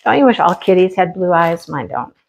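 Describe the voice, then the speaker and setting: A woman's voice: fairly low pitch, creaky, rough recording. A chatty middle-aged woman casually unboxing craft kits for her viewers, breaking off to scold her cat, often laughing. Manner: lively and enthusiastic, quick laughs. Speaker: craft vlogger.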